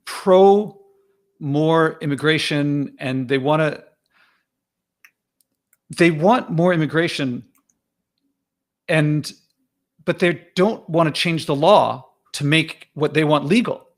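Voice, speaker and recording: A man's voice: on the high side, slow pace, long pauses. A man as a guest in a casual discussion, speaking hesitantly and circling back over his points.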